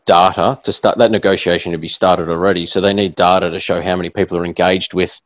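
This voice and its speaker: A man's voice: low voice, level tone, fast talker, no echo. A man hosting a casual podcast chat over a call, rambling with many restarts and fillers. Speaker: podcast host. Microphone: video call.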